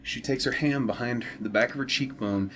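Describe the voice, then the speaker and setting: A man in casual chat, telling stories from his childhood at an easy, relaxed pace. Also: mid-range voice, normal speed, slight background noise. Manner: relaxed storyteller, laughs easily. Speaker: co-host.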